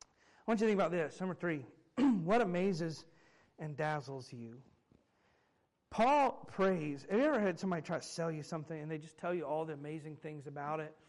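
A man's voice: a little high, expressive, brisk, a little mellow, poor audio. A man in his thirties, a pastor preaching a sermon, telling stories with self-mocking humor and chuckles. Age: 30s.

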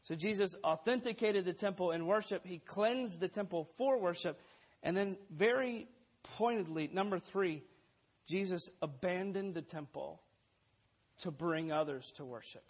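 A man preaching a sermon in an emphatic way, laying out numbered points and quoting scripture aloud. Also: high-pitched.

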